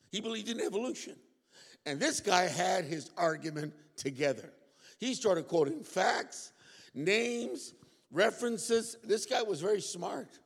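Gravelly high-voiced preacher in a reverberant hall. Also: male voice. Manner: lively preaching with call-and-response asides. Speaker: pastor. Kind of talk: sermon. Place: church hall.

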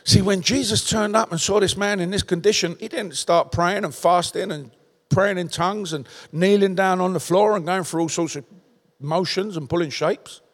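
A man from London with a strong Cockney accent, preaching a sermon in animated storytelling style and calling out to the crowd. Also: sits high, normal speed. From London, England. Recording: long hall reverb.

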